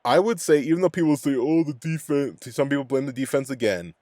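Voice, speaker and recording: A man's voice: medium pitch, lively intonation, quick pace, darkish tone, dry recording, studio quality. A man ranting angrily in a profane, rambling game recap. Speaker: sports fan vlogger.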